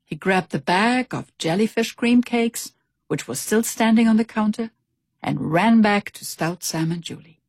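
A woman reading a children's storybook aloud with expressive, animated delivery. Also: mid-range voice, a little slow, no echo, studio quality. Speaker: narrator.

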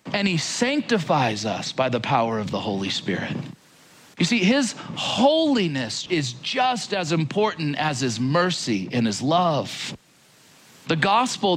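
Animated, lively-pitched male preacher. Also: slight background noise. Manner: animated, conversational, direct address. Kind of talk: sermon.

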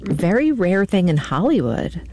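A man interviewing a guest on the radio, asking gentle, attentive questions. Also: high-pitched, big pitch swings, a little slow, slight background noise.

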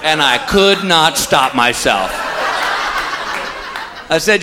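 A man doing a stand-up routine, telling stories and slowing down for punchlines. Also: fairly high pitch, animated, noisy background. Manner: drawling storyteller, punchlines delivered slow. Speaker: stand-up comedian. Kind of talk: stand-up routine before a live crowd. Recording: live club recording with loud crowd.

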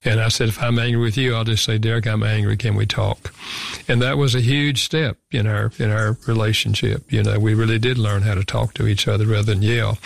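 An older man, a guest author being interviewed, tells a personal story earnestly and reflectively, often repeating words along the way. His voice sits fairly low with a level tone, moves a little fast, carries vocal fry, and has no echo.

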